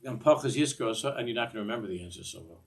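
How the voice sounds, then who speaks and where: A man's voice: lowish voice, rapid-fire. An older man teaching a Torah class in a discursive way, often repeating words and mixing in Hebrew phrases.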